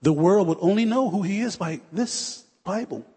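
Fervent husky preacher in a reverberant hall. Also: male voice, sits high, animated, normal speed, a little mellow. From United States. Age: 40s. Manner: fervent, repetitive, building to prayer. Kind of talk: sermon. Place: church hall.

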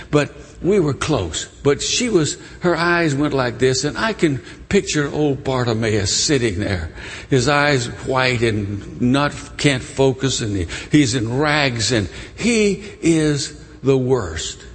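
A male preacher tells a story in a slow, husky voice that swings from high to low. His words ring out with a long reverb, as in a large church sanctuary. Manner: animated, emotional storytelling. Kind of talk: storytelling sermon.

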